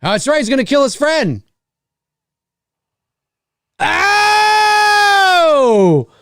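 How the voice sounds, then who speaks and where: Animated, foul-mouthed man riffing on a movie. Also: no echo, studio quality. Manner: animated, swears freely, quick pitch jumps. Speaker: movie commentary host. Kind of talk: live movie commentary to chat.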